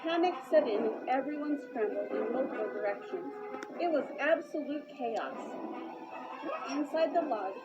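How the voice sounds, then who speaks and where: At a moderate pace, a reader with a high voice and lively intonation narrates a children's novelization expressively, with the odd slip and restart. The storybook read-aloud is recorded in dull lo-fi, with loud music playing.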